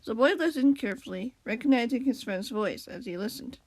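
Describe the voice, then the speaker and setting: A woman's voice: a little high, lively intonation, fairly quick, a little mellow, dry recording. A young woman reading a storybook aloud in a casual way, with chatty asides about her own slips. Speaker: reader.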